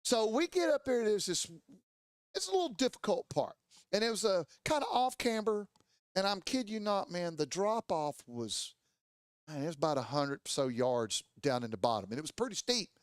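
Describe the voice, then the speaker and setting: A man's voice: high voice, very animated, normal speed, no echo, clean studio sound. A man telling a casual, profane motorcycle story and acting out the voices and sounds of his friends. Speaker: podcast storyteller. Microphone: studio mic.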